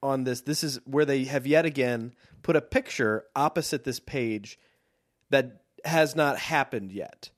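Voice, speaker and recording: A man's voice: medium pitch, unhurried, no room sound. Dry, wry man reading aloud. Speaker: podcast co-host. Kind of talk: casual chat reading a book aloud.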